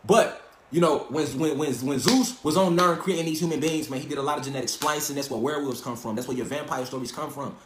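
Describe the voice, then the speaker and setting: Male lecturer, high voice, profane preachy monologue, roomy echo. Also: fast talker, background noise. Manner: emphatic, profane and swaggering, hammers points with repeated rhetorical questions. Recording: echoey room.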